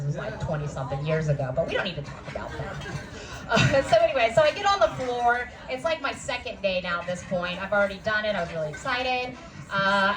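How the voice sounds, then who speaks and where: A woman in her forties tells a brash, self-mocking stand-up story in a fairly high voice. She sounds distant from the mic, with a live crowd laughing around her. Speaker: stand-up comic. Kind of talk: stand-up set at an open mic. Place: club stage.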